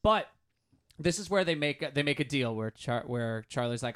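A man in an ordinary middle register leads a relaxed movie chat. He tells scenes with energy and slips into the characters' lines as he goes. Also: medium pitch, moderate pace, clean tone. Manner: animated storyteller, acts out quotes. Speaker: podcast host.

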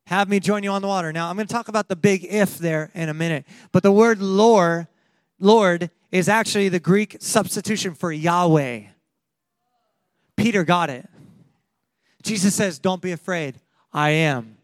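A man preaching a sermon, animated and laughing often, acting out quotes from the story as he goes. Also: sits high, no room sound. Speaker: pastor.

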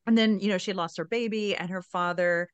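A woman interviewing an author, excitedly recapping the story and sharing her reactions. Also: mid-range voice, brisk, clean tone, no room sound, dull audio. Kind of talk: casual book-discussion interview.

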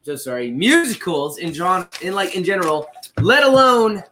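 A man's voice: high voice, sing-song, normal speed, pushed and bright, slight background noise. A man co-hosting a podcast, talking bluntly in casual banter, laughing and swearing often. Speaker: podcast co-host.

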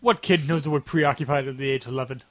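A man's voice: medium pitch, quick pace, a bit bright. A man hosting a casual film commentary, joking and rambling with friends. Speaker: commentary host.

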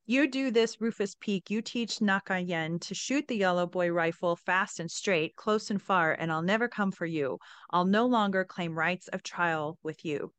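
A woman's voice: fairly low pitch, a little slow, fairly bright tone, clean tone, dry recording. A woman reading the lines of a proud Apache chief who is making a bargain, in a solemn, declarative way.

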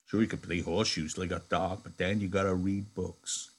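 Male reader as a bitter older stable hand, soft, low, husky. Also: little pitch movement, a little fast. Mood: brooding. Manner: low, quiet and brooding. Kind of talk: reading a novel aloud in a lesson.

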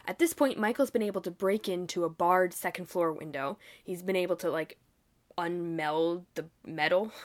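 A woman hosting a podcast, recapping a TV episode in a chatty way and acting out bits of dialogue. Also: fairly low pitch. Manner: chatty, acts out dialogue in quick bursts. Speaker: podcast host.

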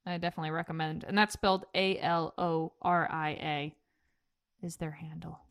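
A woman hosting a casual podcast, upbeat and quick to laugh. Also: low voice, level tone, a bit bright, clean tone. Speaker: podcast host.

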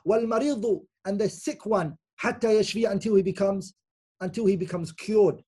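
A man with a husky, slightly rough voice gives a Quran commentary lecture as an Islamic teacher. He explains patiently and repeats his key points. He often pauses to ask "okay?" to keep his listeners with him. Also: high-pitched, warm tone. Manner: repeats key phrases for emphasis.

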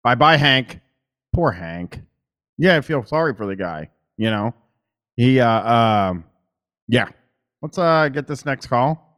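A man's voice: medium pitch, expressive, slow pace, pauses often, fairly bright tone. A man with a Midwestern accent hosting a call-in show, rambling and casual, with plenty of fillers and swearing. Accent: Midwestern American. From Columbus, Ohio.

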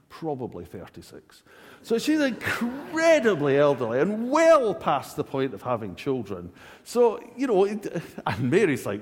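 A man's voice: a little high, a little slow. A man preaching a humorous sermon in a church, with jokey asides. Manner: jokey, animated, self-laughing asides. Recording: long church hall reverb.

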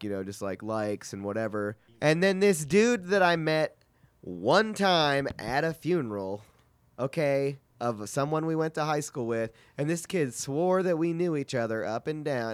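A man's voice: medium pitch, clear, resonant tone, no echo. A man who is sick, telling a rambling, profane story in casual chat. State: sick, voice cracking.

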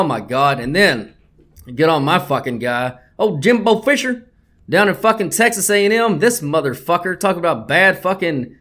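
A man's voice: high voice, a bit bright. A man hosting a sports betting podcast, talking bluntly and swearing a lot as he gets worked up. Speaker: podcast host.

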